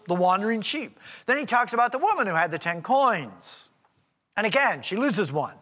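A man's voice: high-pitched, bright, forceful tone. A man preaching an expository sermon in a church sanctuary, explaining in a conversational way with rhetorical asides. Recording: long hall reverb.

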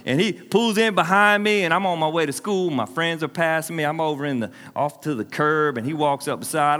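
Animated preacher in a big hall. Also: male voice, on the high side, brisk. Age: 40s. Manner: animated, storytelling with humor and laughs. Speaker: pastor. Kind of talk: sermon. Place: church hall with congregation.

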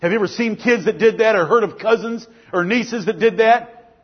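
A man's voice: sits high, moderate pace. A male preacher delivering a fervent sermon with emphatic repetition, on a dull lo-fi recording.

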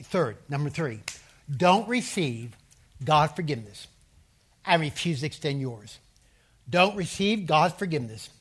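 A man's voice: on the high side, breathy edge. A man preaching a sermon in a slightly raised voice. He hammers his points home by repeating phrases and has the congregation speak verses aloud with him. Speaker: preacher and seminary professor.

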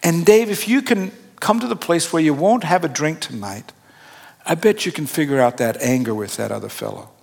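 A man's voice: a little high, animated, moderate pace, vocal fry, darkish tone. A middle-aged man preaching a sermon, telling a personal story in a conversational, self-deprecating way. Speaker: pastor. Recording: long hall reverb.

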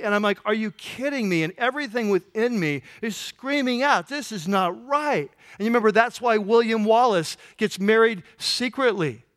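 A man delivers a sermon in a fairly high voice, painting scenes and acting out the voices of the people in them. His delivery swings between conversational asides and rising fervor. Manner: animated storytelling, acts out voices, rising intensity. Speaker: pastor.

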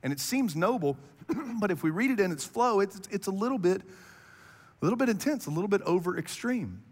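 A man preaching a sermon in an animated, conversational way, often clearing his throat. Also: high voice, moderate pace, long reverb tail. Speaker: pastor.

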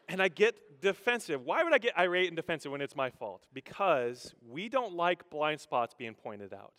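A male pastor giving a sermon, telling humorous stories with vocal sound effects in an animated manner. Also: fairly high pitch, moderate pace, few pauses. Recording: echoey hall.

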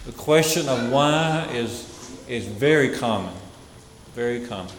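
A man preaching a sermon in a church, slow and deliberate, with dramatic pauses and repeated phrases. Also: medium pitch, expressive. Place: church sanctuary. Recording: echoey hall with faint noise.

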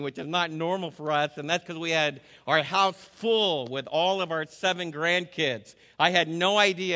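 Older guy preaching, high bright voice, asks the crowd stuff all the time. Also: long reverb tail. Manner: energetic, asks the crowd many questions. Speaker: pastor. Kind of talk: sermon.

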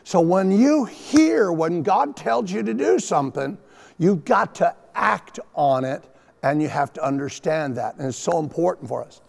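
A man preaching a sermon as pastor, emphatic and animated, often repeating his phrases for weight. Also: fairly high pitch, measured pace, gravelly. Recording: long reverb of a large hall.

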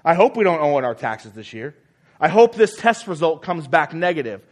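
A man's voice: a little high, sing-song, moderate pace. A man preaching a sermon as pastor, emphatic and repeating key phrases, often asking the congregation questions.

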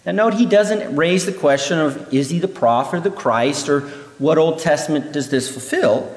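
Animated male Bible teacher in echoey hall. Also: fairly high pitch, normal speed. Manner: animated, acts out quoted voices.

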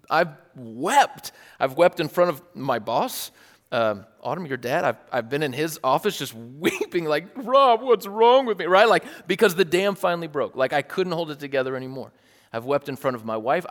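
A man preaching a casual, earnest sermon with a slightly raised pitch. His delivery is animated, with wry little asides. The sound carries a long hall reverb. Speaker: pastor.

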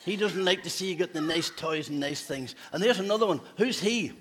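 A man's voice: high-pitched, a little fast, fairly bright tone, slight background noise. A man, a pastor giving a playful children's talk in a church service, asking the children questions. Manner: playful, asks children questions, laughs often.

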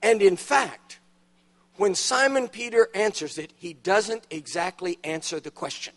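Man, preacher, high-pitched voice, sermon in church, storytelling, emphatic punchlines. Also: measured pace, a bit bright. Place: church auditorium.

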